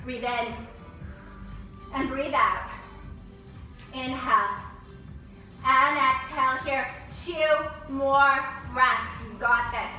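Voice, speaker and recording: A woman yoga teacher guides an indoor class through poses and breaths, giving encouraging cues. Her high, pushed, bright voice stretches out words and pauses often over soft background music. The room is very echoey, and she sounds distant from the mic.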